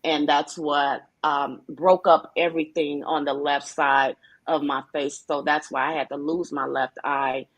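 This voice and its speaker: A woman guest telling her own story on a talk show, speaking hesitantly with many restarts and pauses. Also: sits low, little pitch movement. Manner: hesitant, with frequent restarts and fillers. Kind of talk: personal testimony on a talk show.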